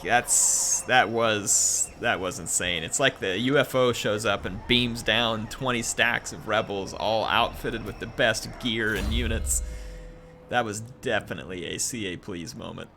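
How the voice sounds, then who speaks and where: A man's voice: fairly low pitch, creaky, sharp tone, slight background noise. A man casually commenting on a strategy game during a live stream, chatting with viewers and reading their messages aloud. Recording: music playing under voice.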